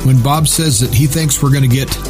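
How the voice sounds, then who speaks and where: A man's voice: medium pitch, steady tone, a little fast, over music. A man sitting in as guest host on a talk radio show, delivering earnest, opinionated commentary in long run-on sentences.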